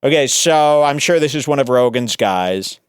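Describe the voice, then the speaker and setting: A man hosts a show and mocks a video clip in a rambling, sarcastic way, full of jokes and tangents. His voice sits at an ordinary middle pitch. It is recorded close and dry, with no room sound. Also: animated, moderate pace, smooth, no echo. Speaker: podcast host. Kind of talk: mocking commentary on a video clip.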